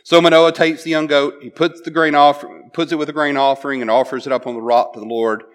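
A man delivers a sermon in a loose, conversational way, retelling scripture in his own words. His voice sits a bit higher than most men's. He keeps checking in with his listeners and often restarts his sentences. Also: level tone, quick pace. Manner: conversational, often asks "right?" and restarts phrases. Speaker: preacher. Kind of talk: sermon, retelling a Bible passage.

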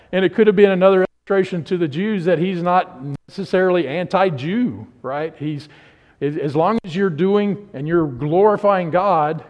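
A man leads a Bible class in a conversational, animated way, restarting phrases as he retells. His voice sits somewhat high. The sound carries a long hall reverb. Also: lo-fi sound. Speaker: Bible study teacher.

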